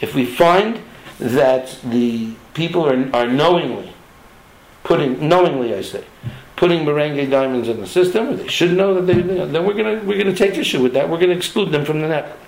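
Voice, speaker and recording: A man's voice: a little high, expressive, a little fast, gravelly, darkish tone, reverberant, low-quality recording. A man who runs a diamond trading network, making an impassioned, emphatic appeal to its members to stay honest.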